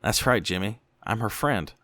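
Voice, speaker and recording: A man's voice: expressive, moderate pace, sharp tone, no echo. A man doing a giddy, simple-minded mother. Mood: cheerful. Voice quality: high, cheerful and squealing. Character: dazed, childlike mother, cheerfully simple woman.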